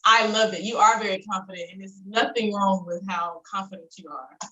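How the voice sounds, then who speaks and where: Bright-voiced woman hosting a live chat. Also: medium pitch, brisk, echoey room, low-quality recording. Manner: warm, affirming, frequent backchannels. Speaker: host.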